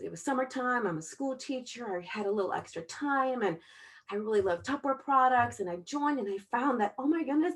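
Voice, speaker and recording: A middle-aged woman with a drawl leads a relaxed sales training session. She talks in a chatty, conversational way at a medium pitch. She keeps tagging her points with a quick "okay?". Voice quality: chatty, repeats "okay?" often. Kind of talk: casual training talk.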